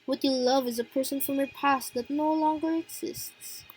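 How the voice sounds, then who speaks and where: A woman voicing a mysterious, mocking male host in a story game, asking questions in a smooth, taunting way. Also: high-pitched, steady tone, moderate pace, darkish tone, faint music behind, natural voice, low-quality recording. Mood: cold.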